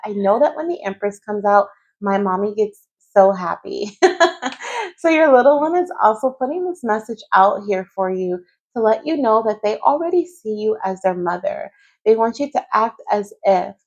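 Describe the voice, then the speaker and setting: Brief: woman, mid pitch, gentle intuitive tarot reader, reassuring, keeps adding "okay?". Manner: gentle, often adds "okay?" to check in. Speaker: spirit baby reader. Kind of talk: intuitive tarot reading to camera. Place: at home.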